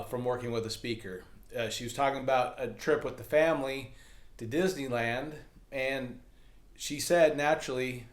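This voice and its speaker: Upbeat joking man in an echoey room. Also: medium pitch. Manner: upbeat, jokey, self-deprecating asides. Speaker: comedy and speaking coach. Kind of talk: casual instructional talk to camera.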